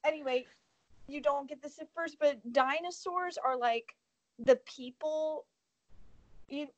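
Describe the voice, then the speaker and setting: A woman with a high, bright-toned voice retells a movie plot in a loose, rambling way, with sarcastic asides thrown in. Her voice sounds dry and close, and the recording is a bit muffled. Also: measured pace, dry recording. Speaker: podcast co-host. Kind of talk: casual podcast chat.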